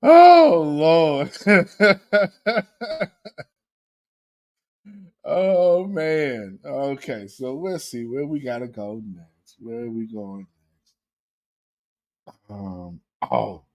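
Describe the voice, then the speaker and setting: A man leads a casual reaction livestream in a fairly high voice, speaking slowly and deliberately. He is animated, laughs often and calls his viewers family. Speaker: livestream commentary host.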